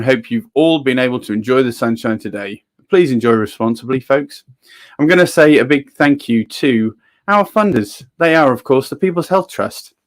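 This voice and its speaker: A man hosting a livestream in casual chat and reading viewers' comments aloud. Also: mid-range voice. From England. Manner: chatty, reads out viewer comments. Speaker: livestream host.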